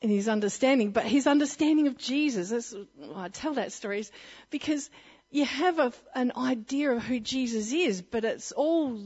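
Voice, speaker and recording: Husky-voiced woman telling a faith story. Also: on the high side, a little mellow, dull audio. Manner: chatty storytelling with frequent laughs and fillers. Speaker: Bible teacher. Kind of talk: personal testimony and Bible teaching.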